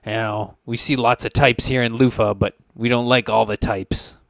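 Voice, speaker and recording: A man's voice: medium pitch, steady tone, moderate pace, creaky, dry recording, close to an everyday voice. A blunt, threatening drunken dockworker thug, as a man plays him in a tabletop game. He speaks plainly and bluntly, in a fairly everyday voice. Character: gruff drunken male dock laborer, leader of goons.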